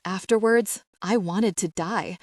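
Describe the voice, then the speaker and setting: A woman with a medium-pitched voice reads slowly as an anguished young man confessing old trauma in an audiobook, her delivery strained, choked and hissing, with a broken mood. The recording is studio quality with no room sound.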